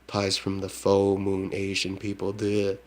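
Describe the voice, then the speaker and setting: Low, flat-voiced man saying "duh". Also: unhurried. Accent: Hmong. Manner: ends phrases with a scornful "duh". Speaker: self-styled psychic shaman. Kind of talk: rambling monologue.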